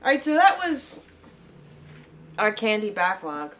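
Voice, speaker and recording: A woman's voice: mid-range voice, sing-song, measured pace. Chatty, giggly woman co-host. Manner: chatty and giggly, reads labels aloud. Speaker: co-host tasting sweets. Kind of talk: casual chat.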